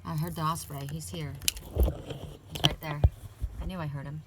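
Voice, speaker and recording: A woman's voice: low voice, steady tone, moderate pace, heavy background noise. A woman giving a casual, upbeat oracle card reading, chatting freely and reciting affirmations with emphasis.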